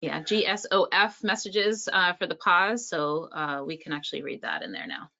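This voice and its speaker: Bright low-pitched woman demoing software. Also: expressive, moderate pace, gravelly. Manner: hesitant, frequent ums. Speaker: software presenter. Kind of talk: casual product walkthrough. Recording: dull lo-fi sound.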